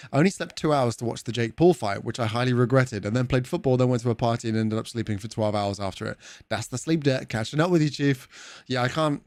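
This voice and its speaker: A man's voice: medium pitch, dry recording, clean studio sound. A young man with a British accent chatting casually with viewers on a live stream, swearing freely and laughing often. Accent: British English.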